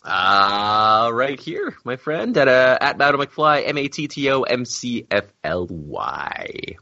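Lively, bright-voiced male podcast guest. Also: mid-range voice, takes it slowly, vocal fry, no room sound. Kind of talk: casual chat. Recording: dull lo-fi podcast audio.

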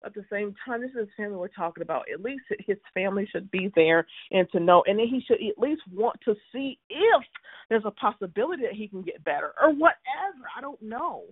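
A woman's voice: medium pitch, expressive, brisk, husky, dry recording. A woman co-hosting a casual chat, talking emphatically and with exasperation, often restarting her sentences. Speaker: podcast co-host discussing a soap opera. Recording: tinny phone-like sound.

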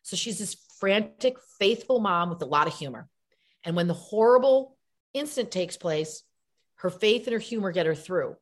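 A middle-aged actress being interviewed, chatting and telling animated stories with acted-out voices. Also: female voice, medium pitch. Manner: animated storyteller, acts out voices. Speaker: guest actress. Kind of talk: casual interview chat.

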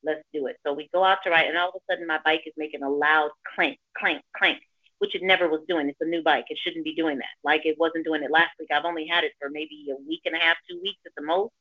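A middle-aged grandmother calls in to share a personal story in a casual chat, animatedly acting out the voices of people she quotes. She talks fast in a low-pitched voice, with no room sound and a dull lo-fi quality.

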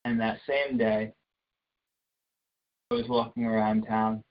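A man giving a halting, hesitant testimony before a congregation, with many restarts. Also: fairly low pitch, fairly even intonation. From United States. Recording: dull lo-fi recording.

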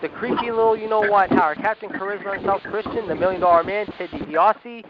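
A man hosts an internet radio talk show in an announcer style, and he keeps working "however" and "ladies and gentlemen" into his sentences. His voice sits a little high for a man. The sound is dull and lo-fi, and a loud noise bed runs under it. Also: quick pace. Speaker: wrestling radio show host.

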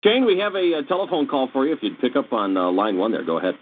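A man hosting a radio show, wry and quick with jokes. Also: medium pitch, sing-song. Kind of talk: casual radio chat. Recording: narrow radio broadcast with faint noise.

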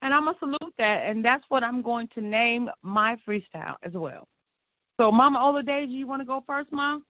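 A woman's voice: fairly high pitch, animated, moderate pace, dry recording. A woman from Illinois calling in by phone, performing a freestyle spoken word poem on a call-in show in a rhythmic, emphatic, profane way. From Illinois, USA. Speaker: caller and spoken word poet. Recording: muffled phone line.

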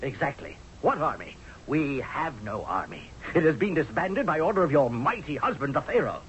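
A blunt army general in an old radio drama, sardonic and forceful. His voice sits at a middle pitch and swings widely as he argues. The recording is dull and lo-fi with faint hiss. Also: very animated, moderate pace. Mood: sarcastic. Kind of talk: 1970s radio drama acting.

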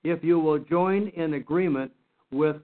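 In a Bible study lesson, a man whose voice is a little high speaks unhurriedly, earnest and emphatic, regularly repeating and restarting words. The recording is narrow, like a phone line.

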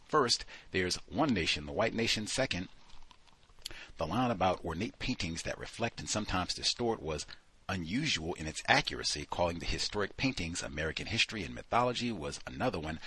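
A man hosting a book club discussion, reading passages aloud and commenting on them in an animated, exclaiming way. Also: low voice, breathy edge.

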